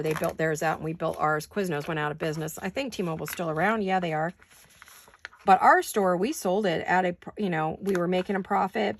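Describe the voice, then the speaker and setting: A middle-aged woman with a lowish, creaky voice chats casually and rambles while doing a paper craft, occasionally breaking into giggles. There is a little hiss or hum in the recording of this craft-along chat.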